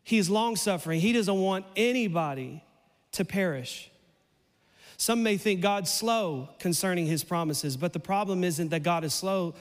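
A man preaching a sermon in a church, playful and animated, his voice climbing almost to a shout as he acts out lines. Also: high-pitched, moderate pace, in a large hall. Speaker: pastor.

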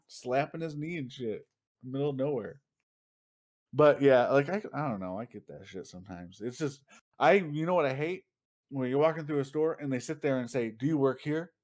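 A young man chatting casually as a podcast co-host, telling stories with lively acted-out outbursts and frequent laughter. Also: fairly high pitch, fairly quick. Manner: animated storytelling, acting out people with loud outbursts, laughs often. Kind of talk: casual chat.

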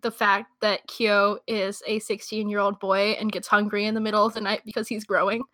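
Young woman, chatty, lots of asides and laughter, bright tone, dry recording. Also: mid-range voice, flat delivery, brisk, dry recording. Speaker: podcast co-host. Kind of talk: casual chat about anime.

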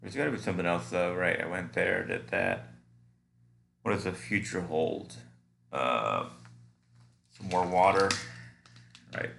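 Gravelly deep-voiced man musing aloud. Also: very animated, a bit bright, slight background noise. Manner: musing, meandering, halting with many fillers. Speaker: podcast host. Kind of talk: casual rambling solo monologue.

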